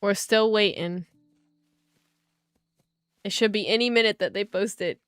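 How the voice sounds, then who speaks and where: A young woman streaming at her computer, talking to her viewers in a chatty, excited way. Her voice is very smooth and clear at a middle pitch, recorded dry and close to the mic. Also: unhurried, no echo, soft background music. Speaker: livestreaming gamer. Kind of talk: casual livestream chat.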